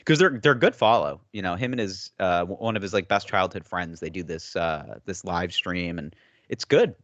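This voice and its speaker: A man co-hosting a podcast in casual chat, an animated storyteller who acts out quotes and laughs often. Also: deep voice, normal speed, no room sound, lo-fi sound. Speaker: podcast co-host.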